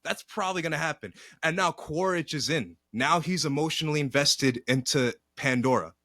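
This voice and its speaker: A man co-hosting a podcast in casual chat, animated and slangy, rambling through his takes. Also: on the high side, moderate pace, no echo. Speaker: podcast co-host. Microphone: podcast mic.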